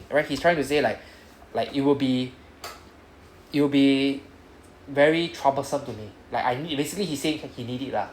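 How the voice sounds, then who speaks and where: A man's voice: mid-range voice, moderate pace, long pauses. A man with a Singaporean English accent teaching a Japanese class, who ends nearly every sentence with "right?". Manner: says "right?" after nearly every sentence, coaching students. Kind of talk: classroom lesson explaining grammar. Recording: echoey classroom with background noise.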